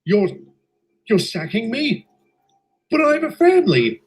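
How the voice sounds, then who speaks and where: A sullen, petty railway worker, as a man puts him on in a homemade storybook drama. He sounds higher than the narrator and swings his pitch wide. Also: animated, takes it slowly. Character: sly male railway worker, sullen and threatening.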